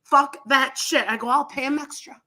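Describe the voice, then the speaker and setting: High-voiced woman telling a story, lots of swearing and laughing, drops low to quote people. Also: steady tone, moderate pace, sharp tone. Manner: profane, laughing storyteller, quotes others in a lowered voice. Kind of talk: casual storytelling chat.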